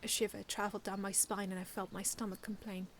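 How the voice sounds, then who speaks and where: A woman reading her own first-person fan story aloud in an earnest, expressive way, often restarting lines. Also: medium pitch, quick pace, slight background noise.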